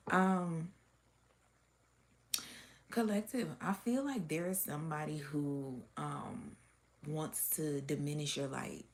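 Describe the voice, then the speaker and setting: Woman reading cards for her viewers. Lowish voice, off-the-cuff delivery, blunt, swears freely, laughs often. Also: creaky. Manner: blunt and profane, with frequent laughs and fillers. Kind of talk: casual unscripted reading to camera.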